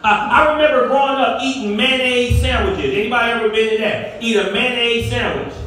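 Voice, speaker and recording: A middle-aged male pastor preaching a sermon with call-and-response to his congregation, sometimes rising to shouts. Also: extremely high pitch, brisk. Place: church sanctuary. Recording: echoey hall, far from the mic.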